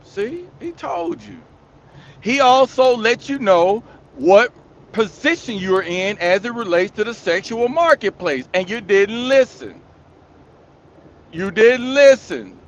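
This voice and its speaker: A man's voice: high-pitched, sing-song, slow pace, lo-fi sound. A man hosting his own channel, delivering a scolding, preachy rant straight at his audience, repeating his points for emphasis. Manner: preachy, scolding, repetitive, addresses the audience directly. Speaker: commentary channel host. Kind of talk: ranting monologue commentary.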